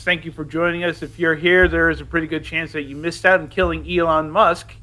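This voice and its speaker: A man's voice: a little high, level tone, brisk, pushed and bright. A man hosting a podcast, with joking, exasperated banter. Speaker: podcast host. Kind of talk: casual chat.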